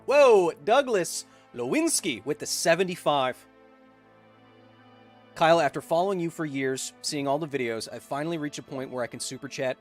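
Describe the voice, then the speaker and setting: A man hosting a science livestream, chatting casually and reading out viewer donations in an upbeat, joking way with bursts of excitement. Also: on the high side, moderate pace, faint music behind. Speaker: science YouTuber host.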